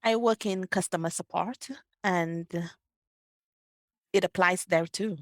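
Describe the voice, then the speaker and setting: A woman's voice: fairly low pitch, slow, dry recording, clean studio sound. A woman hosting an interview, who affirms her guest, recaps points and asks follow-up questions. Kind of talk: conversational interview.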